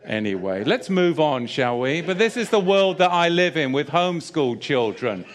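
Lively storytelling male preacher. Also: a little high, normal speed. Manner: animated storytelling, laughs often. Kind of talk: sermon with humorous personal anecdote.

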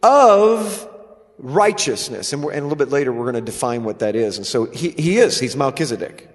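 A man's voice: medium pitch, lively intonation, a little fast. A man co-hosting a scripture discussion, explaining emphatically and restarting his phrases. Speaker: co-host. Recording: long hall reverb.

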